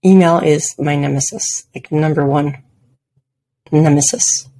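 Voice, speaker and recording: A woman's voice: low-pitched, steady tone, a little slow, dark tone. A woman hosting her own podcast, talking casually and self-deprecatingly about her daily habits, often laughing at herself. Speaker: podcast host. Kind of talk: casual solo podcast talk.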